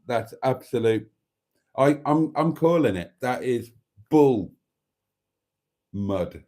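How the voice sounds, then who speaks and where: A man's voice: medium pitch, lively intonation, takes it slowly, pauses often, warm tone. A man hosting a live stream, chatting casually and rambling as he reads viewer comments aloud, with mild swearing. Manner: rambling, chatty, self-deprecating, swears mildly.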